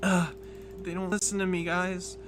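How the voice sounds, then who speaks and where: A man's voice: sits high, steady tone, slow, over music, voice pushed up. A man voicing a frightened young female mage who stammers and trails off. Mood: frustrated. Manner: stammering, unsure.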